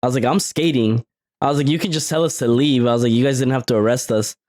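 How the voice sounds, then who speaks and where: On a podcast he co-hosts, a young man chats casually, spinning animated stories and laughing a lot. His voice is mid-range and he talks fast.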